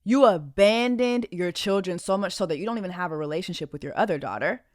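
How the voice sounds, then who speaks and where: A woman's voice: lowish voice, fast, no room sound, clean studio sound. A woman podcast host giving blunt, indignant reaction commentary on a reality show clip in a casual, conversational way.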